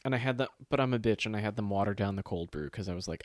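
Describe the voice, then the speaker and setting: A man's voice: lowish voice, very fast, no echo, studio quality. A man co-hosting a casual chat, telling stories with acted-out quotes and plenty of swearing. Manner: animated storytelling, swears freely, acts out quotes.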